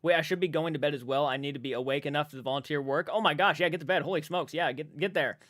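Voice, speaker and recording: A man's voice: fairly high pitch, fast talker, fairly bright tone, no room sound, clean studio sound. A man chatting casually on a live stream, reading viewers' comments aloud, rambling and swearing freely.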